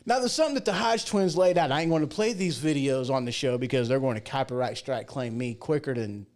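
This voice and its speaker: A man's voice: medium pitch, fast, darkish tone. A man hosting a casual livestream talk show, chatty and folksy, rambling through asides and jokes. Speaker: show host.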